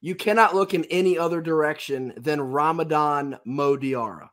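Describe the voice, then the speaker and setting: Brief: sick, raspy man breaking down a game, slightly high voice, excited. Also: moderate pace. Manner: enthusiastic, emphatic repetition. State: raspy, under the weather. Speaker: podcast host. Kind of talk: sports podcast analysis.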